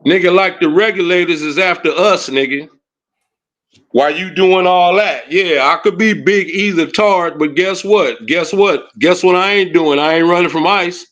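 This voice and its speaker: A man's voice: sits high, normal speed, fairly bright tone, highs cut off. Heated man ranting on a livestream. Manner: heated, taunting, repeats "you know what I'm saying" and "huh". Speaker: livestream commentator. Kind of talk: casual livestream rant.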